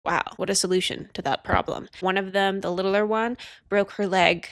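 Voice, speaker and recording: A woman's voice: medium pitch, steady tone, dry recording, clean studio sound. A young woman casually recapping a romance novel, chatty, with joking asides. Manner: chatty, joking asides, plays characters in quick put-on voices. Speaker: book vlogger.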